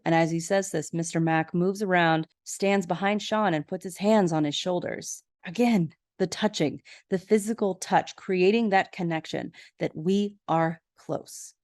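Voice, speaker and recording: A woman hosts a podcast and walks through a sitcom episode in a chatty, conversational way. She breaks off for asides and laughs as she goes. Her voice sits a little low, recorded dry and close with no room sound. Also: a little slow, few pauses, a little mellow, dry recording. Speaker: podcast host. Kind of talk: casual episode recap and commentary.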